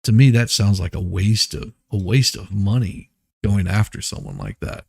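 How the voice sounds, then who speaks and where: A man's voice: on the low side, fairly even intonation, normal speed, creaky, a little mellow, slightly rough. A man hosting a casual news commentary stream, rambling and restarting his sentences as he laughs at absurd claims. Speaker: host.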